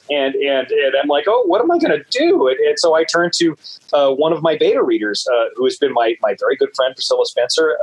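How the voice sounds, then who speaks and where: A man guest on an interview show, telling stories in a loose, rambling way with many "uh"s and repeated words, and lively jumps in pitch when he quotes people. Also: slightly rough, rough recording. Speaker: guest author. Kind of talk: casual interview storytelling.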